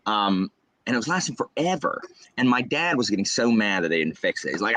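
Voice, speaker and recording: A young man from the American South, chatting on a video call and telling animated stories about his family, mimicking their voices. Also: on the low side, brisk, a little hiss or hum. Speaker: booktuber. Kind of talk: casual storytelling chat.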